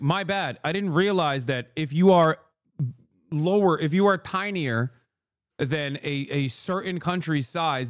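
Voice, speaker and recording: A man's voice: fairly high pitch, no echo, clean studio sound. A man streaming live, giving heated, profane and sarcastic commentary while reacting to clips.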